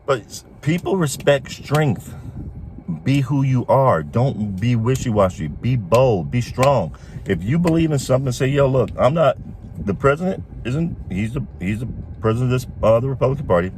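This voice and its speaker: A man with a fairly low voice gives casual political commentary, blunt and opinionated. He chuckles between points. A faint hum of vehicle noise sits behind him. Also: a little mellow.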